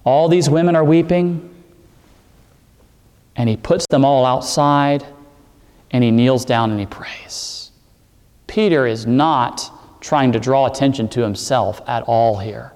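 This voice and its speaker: A man preaching a sermon, explaining scripture and climbing in pitch on the words he stresses. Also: takes it slowly, long pauses, a little mellow, big-room sound. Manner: expository preaching, rising emphasis on key words. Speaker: pastor.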